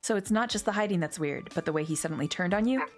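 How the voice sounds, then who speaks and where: A woman reading the lines of a dim-witted male cat detective in a wry, deadpan way. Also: lowish voice, fast talker, soft background music, natural voice.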